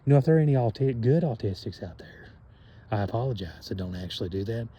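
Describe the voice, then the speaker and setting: A man talking in a rambling, meandering monologue, cursing often and filling gaps with pauses and fillers. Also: medium pitch, animated, warm tone, muffled recording, slight background noise. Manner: meandering, profane, many fillers and trailing pauses.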